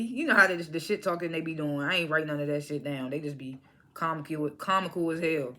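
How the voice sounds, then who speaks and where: A woman recaps a TV drama in a loose, conversational way. Her voice sits a little low but sounds bright and forward. She slips into the characters' lines as she goes. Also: fairly quick. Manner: animated retelling, acts out characters' lines, frequent laughs. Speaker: TV episode reviewer. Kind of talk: casual recap vlog.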